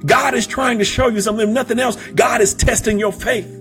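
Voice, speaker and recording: A man preaching a sermon, telling a story with humor and stammered restarts, then rising into emphatic shouts. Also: extremely high pitch, fairly even intonation, a little fast, soft background music. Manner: emphatic, repetitive, builds to shouting.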